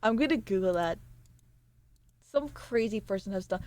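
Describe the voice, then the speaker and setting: A woman's voice: mid-range voice, expressive, moderate pace, a little mellow, dry recording. A woman streamer chatting casually with her live chat, swearing and laughing as she reacts to messages.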